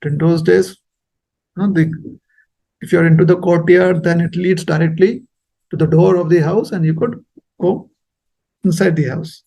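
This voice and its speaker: A man giving a sermon, telling a story in a lively, animated way. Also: high-pitched, normal speed, vocal fry, pauses often, husky. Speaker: speaker at a temple talk.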